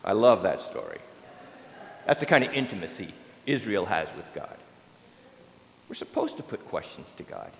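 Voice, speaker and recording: A male pastor giving a sermon with expressive preaching that swells and drops to near-whispers, in a church. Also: low voice, moderate pace, vocal fry, long pauses, roomy sound, big-room sound, slight background noise, rough recording.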